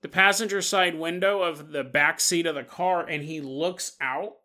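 A man hosting a podcast, retelling a story in a casual, animated way and acting out the people he quotes. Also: on the high side, normal speed. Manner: animated, acts out quotes with playful voices. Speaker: podcast host.

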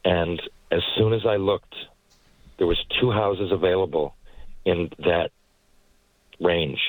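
Man, 40s; lowish, dry-recorded, rambling storyteller guest. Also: slow pace, no echo, narrow, tinny audio. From Newfoundland, Canada. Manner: rambling, animated anecdotes with frequent asides. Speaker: guest, former hockey player and actor. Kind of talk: casual storytelling interview. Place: parked car.

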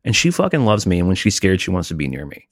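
A man with a very low, deep voice chats casually on a podcast, open and emotional as he tells stories about his family. He is recorded close and dry, with no room sound at all. He sounds like he is in his forties. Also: huge pitch swings, quick pace, dry recording. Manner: candid, emotional storytelling. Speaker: podcast co-host. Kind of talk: casual chat.

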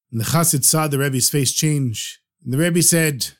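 A man's voice: medium pitch, moderate pace, hardly any pauses. A man telling a folk story, animatedly acting out every character. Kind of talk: told folk story podcast.

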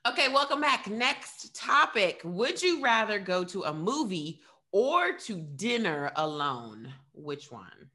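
A woman's voice: medium pitch, slow. A woman hosting a podcast who chats casually and tells stories with lots of laughter. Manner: animated storytelling, laughs often. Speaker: podcast host. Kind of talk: casual chat.

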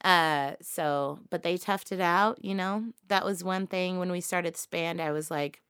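A woman's voice: fairly low pitch, fairly even intonation, measured pace, fairly bright tone, clean tone, dry recording, studio quality. A woman who is a touring drummer, chatting casually on a podcast, swearing freely and laughing often.

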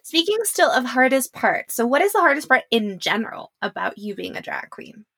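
A woman's voice: a little high, big pitch swings, a little fast, vocal fry, fairly bright tone, husky. A woman hosting a casual interview, asking questions with bubbly, exclamatory reactions.

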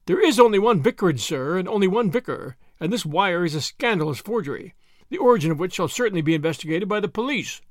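A man doing big solemn vicar, pompous, indignant, animated pitch. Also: fast talker, no echo, clean studio sound.

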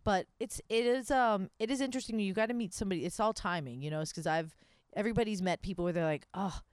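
In her thirties, this podcast co-host tells stories in casual chat and animatedly acts out what people said. Her mid-range voice moves at a quick pace with a clear, resonant tone and no room sound.

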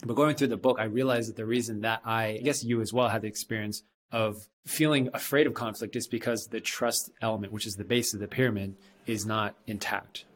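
A man co-hosting a casual chat, speaking in a thoughtful, measured way. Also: on the low side, fairly even intonation.

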